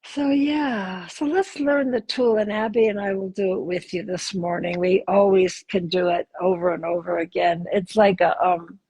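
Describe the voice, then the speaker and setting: A woman hosting and leading a gentle guided body exercise, speaking softly and soothingly, with sighs and whispered phrases. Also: medium pitch, steady tone, slightly rough, no room sound, poor audio. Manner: soft, slow, soothing, with sighs and whispered affirmations.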